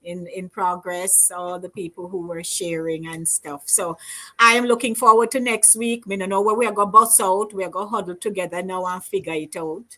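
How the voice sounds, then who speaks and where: Woman host, bright voice, closes out a casual chat show. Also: fairly low pitch, steady tone, fairly quick, slight background noise. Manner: warm affirming backchannels, wraps up the show.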